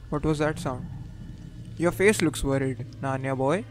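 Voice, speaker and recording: A man's voice: mid-range voice, measured pace, over music. A young man giving joking, jumpy commentary while he plays a horror game. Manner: joking, jumpy, mocks the characters. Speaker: gameplay commentator. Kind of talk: casual let's-play commentary.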